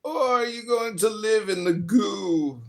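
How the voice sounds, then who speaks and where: A man's voice: high-pitched, a little slow, vocal fry. A man in an online voice chat, teasing another speaker in a theatrical, sing-song way. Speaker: voice chat participant.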